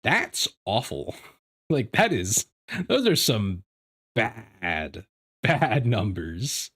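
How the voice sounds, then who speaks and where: Man, low voice, very lively pitch, casual stream chat, rambling, restarts, laughs easily. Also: extremely slow, breathy edge. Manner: chatty, animated, laughs and rambles with frequent restarts. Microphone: desk microphone.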